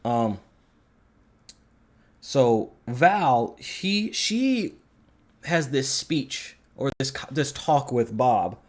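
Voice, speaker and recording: A man's voice: mid-range voice, lively intonation, very slow, long pauses. A man giving a casual, rambling film review, swearing often and sounding fed up with what he describes. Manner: profane, exasperated, rambling with many fillers. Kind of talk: casual movie review rant.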